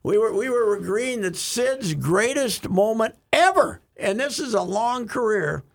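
An older man with a gravelly, husky voice tells rambling sports stories in casual chat. His voice climbs high and swings widely as he chuckles through his anecdotes. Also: lively intonation, a little slow. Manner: rambling storyteller, chuckling, bursts into high laughs. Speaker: sports columnist and show regular.

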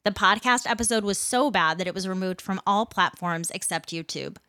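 A woman's voice: medium pitch, brisk, pushed and bright, no echo. Indignant woman host ranting, mid voice, dead dry room. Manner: indignant, blunt and sarcastic. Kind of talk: ranting commentary.

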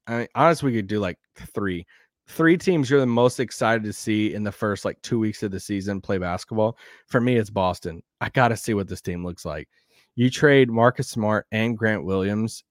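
A man with a Southern accent hosting a sports podcast, rambling and animated, laughing now and then. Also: lowish voice, no echo, clean studio sound. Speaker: podcast host. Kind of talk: casual sports talk.

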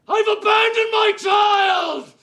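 A humiliated oilman shouting. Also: extremely high pitch, steady tone, slow, some chatter behind, exaggerated voice. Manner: repeats words back, grudging then shouting. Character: hard middle-aged oilman forced to confess, humiliated. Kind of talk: film scene.

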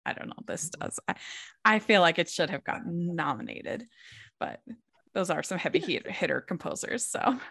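A woman hosting a casual film discussion, chatty and quick to laugh. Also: fairly low pitch, expressive, gravelly, fairly bright tone. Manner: chatty, laughs often, many restarts. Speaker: podcast host.

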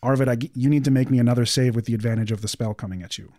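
A man running a tabletop game as game master, calmly narrating scenes and calling for dice rolls. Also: mid-range voice, racing, slight background noise. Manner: calm, descriptive narration.

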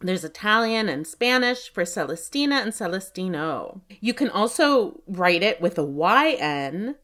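Steady woman podcast co-host listing facts. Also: medium pitch. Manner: reads facts off in a list, plain and steady. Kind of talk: casual podcast chat.

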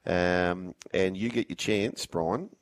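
An Australian man hosts afternoon sports radio in a relaxed, joking way. His voice sits a little low, and he rattles through listener texts and phone numbers with matey banter. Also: takes it slowly. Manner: jokey, matey, reads out texts. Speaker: radio host.

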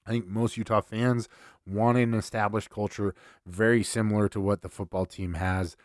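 Low-voiced male sports podcast host. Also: level tone, normal speed, no echo, studio quality. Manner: conversational, repeats words at starts. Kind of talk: casual sports talk.

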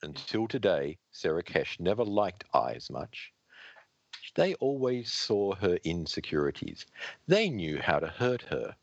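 A man co-hosting a podcast, reading and summarizing a comic book aloud in a plain, steady way. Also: low-pitched, a little slow, creaky, no room sound, muffled recording. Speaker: podcast co-host.

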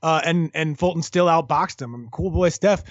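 A high-voiced man chats about fights in a loose, halting way, stacking fillers and false starts and breaking into laughs. The room is dry and close, and the sound is a little dull and lo-fi. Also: no room sound. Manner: hesitant, many fillers and restarts, laughs easily. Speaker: boxing analyst co-host. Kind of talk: casual sports talk.

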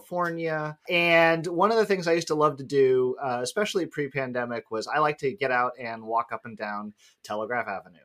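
A man's voice: mid-range voice, a bit bright. A man with a mid-range voice co-hosts a podcast. He tells a casual story, rambling with fillers and self-deprecating asides. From San Francisco Bay Area. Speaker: podcast co-host.

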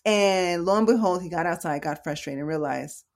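A middle-aged woman nurse telling a story in a casual, chatty way, animated and acting out the voices of the people in it. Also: on the low side, normal speed. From United States. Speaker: nurse educator.

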